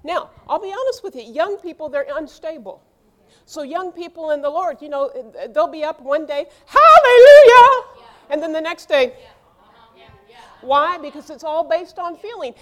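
High-voiced woman pastor preaching. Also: normal speed. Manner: lively preaching that rises into shouting, with quoted dialogue and laughter. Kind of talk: sermon.

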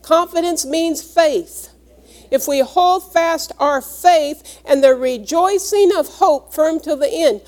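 Woman, preacher, high-pitched, earnest, reads scripture and explains it. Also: takes it slowly, a little mellow. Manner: earnest, teaching, explains each word. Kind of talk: sermon with scripture reading.

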